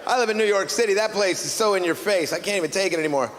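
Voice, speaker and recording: High-voiced wry man doing stand-up. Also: very fast. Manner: wry, exasperated storytelling. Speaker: stand-up comedian. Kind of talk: stand-up comedy routine. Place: stage in a club or hall. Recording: reverberant hall, noisy ambience.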